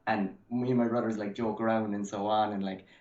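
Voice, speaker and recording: A man's voice: on the low side, level tone, brisk, a little mellow. A man in his thirties from Cork with an Irish accent, chatting loosely as an interview guest over a video call, full of fillers. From Ireland. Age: 30s. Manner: rambling, full of fillers and likes. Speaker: guest artist. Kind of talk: casual chat. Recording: echoey, dull video call audio.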